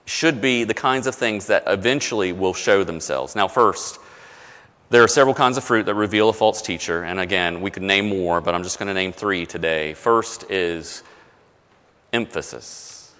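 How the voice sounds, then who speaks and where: A man preaching a conversational sermon as pastor, often dropping low and soft to stress a point. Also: normal speed, long reverb tail.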